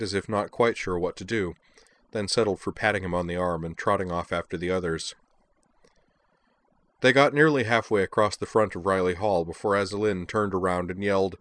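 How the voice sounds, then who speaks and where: Male audiobook narrator, very low voice, dry close sound. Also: a bit bright, no echo. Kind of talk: scripted narration.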